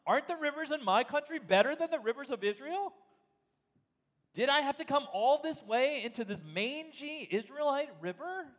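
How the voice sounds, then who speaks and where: A man's voice: extremely high pitch, lively intonation, normal speed, fairly bright tone, long reverb tail, pitched above the performer's own voice. A man voicing a proud, angry foreign army commander in a rant. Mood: indignant. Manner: indignant ranting.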